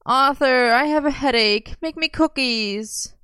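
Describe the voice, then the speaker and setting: A woman reading aloud, voicing an excitable, playful young man who shouts and pleads. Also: a little high, a little fast, dry recording, studio quality, pitched above the performer's own voice.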